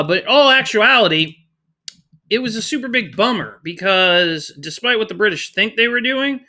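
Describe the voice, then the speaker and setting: Energetic male teacher, bright tone, chatty and joking. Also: high-pitched. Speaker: history teacher. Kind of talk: casual classroom lecture.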